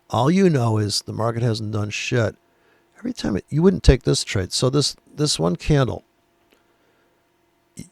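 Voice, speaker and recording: Man, gravelly voice, dry close sound, profane rambling chart commentary. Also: medium pitch, no room sound. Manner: profane, ranting, off-the-cuff. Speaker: forex trader explaining charts. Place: at a computer desk.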